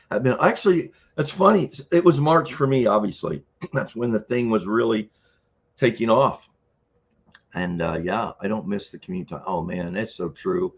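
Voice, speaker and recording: Gravelly older man on a livestream. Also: on the low side, dull audio. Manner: rambling, chuckling, frequent throat clearing. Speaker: livestream host. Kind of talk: casual live-stream chat.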